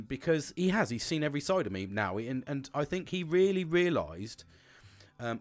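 A man's voice: medium pitch, no echo. Sweary, rambling man in his forties. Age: 40s. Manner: rambling, sweary, self-mocking. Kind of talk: casual monologue.

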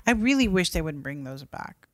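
A woman co-hosting a podcast, chatting casually with animated, laughing asides. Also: low-pitched, moderate pace, no room sound. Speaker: podcast co-host. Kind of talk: casual chat.

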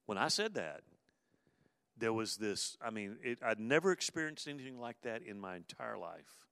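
A man preaching a sermon in an easy, conversational way, dropping to a hush in tender moments and rising to emphatic bursts. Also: on the low side, lively intonation, moderate pace, smooth, dry recording, studio quality, long reverb tail. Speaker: pastor.

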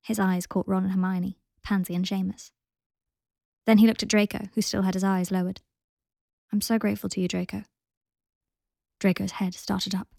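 A woman hosting a podcast, reading a story aloud in a gentle, even storytelling manner. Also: mid-range voice, normal speed, creaky, no echo, clean studio sound. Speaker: podcast host and reader.

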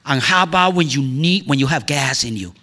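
Bright-voiced man in a reverberant hall. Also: medium pitch, brisk. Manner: animated, swings from excited outbursts to hushed near-whispers; laughs often, sighs and exclaims. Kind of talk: rambling personal monologue.

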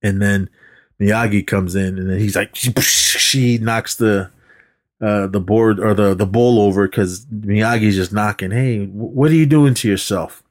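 A man's voice: on the low side, a little slow. A man casually recapping a movie on a podcast, rambling and acting out the characters' lines. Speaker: podcast co-host.

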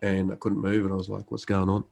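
Deep, darkish, and full of vocal fry, this man's voice comes through a rough recording with a completely flat delivery at a quick pace. He's in his thirties, an army medic and guest, casually storytelling with frequent fillers and restarts and acted-out dialogue.

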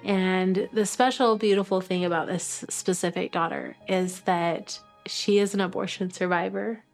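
Middle-aged woman telling an emotional adoption story, halting, faint music under it. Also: fairly low pitch, fairly even intonation, gravelly. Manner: tearful at moments, halting with fillers. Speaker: interviewee sharing an adoption story. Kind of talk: emotional personal testimony.

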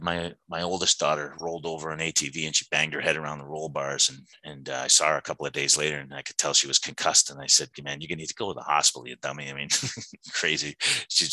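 A middle-aged man tells his sobriety story at a recovery meeting, earnest and halting, with many restarts. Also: extremely low pitch, sharp tone, no room sound, poor audio. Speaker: AA speaker sharing his story.

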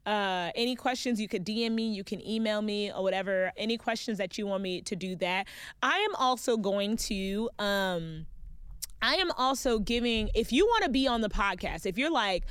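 A woman's voice: medium pitch, animated, normal speed, fairly bright tone, smooth, dry recording. A woman hosting her own podcast, chatting playfully with listeners and calling them babes and y'all. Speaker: podcast host. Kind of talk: casual solo podcast chat.

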